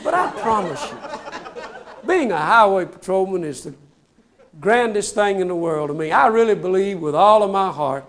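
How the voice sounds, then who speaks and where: Brief: high-pitched folksy trooper-storyteller, animated, talks to the crowd. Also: male voice, moderate pace. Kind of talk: comic storytelling before a live audience.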